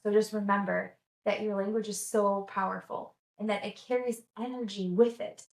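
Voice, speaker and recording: A woman's voice: medium pitch, steady tone, moderate pace, reverberant, rough recording. A woman vlogging in a casual, enthusiastic, chatty way, full of "like"s and restarts. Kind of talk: casual chat.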